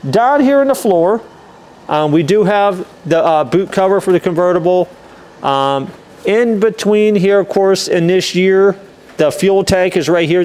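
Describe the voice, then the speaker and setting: A man's voice: high voice, darkish tone, clear, resonant tone. A man casually walking a camera around a classic car for sale, talking methodically with frequent fillers. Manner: easygoing, methodical, many "um" and "uh" fillers. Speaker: car dealer walkaround presenter. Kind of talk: casual vehicle walkaround narration.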